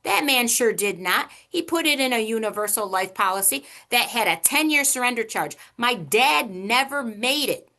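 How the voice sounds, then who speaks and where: A woman presenting a money workshop over a video call, chatty and animated, teasing the audience with questions. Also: on the high side, normal speed, hardly any pauses. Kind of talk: online workshop lecture.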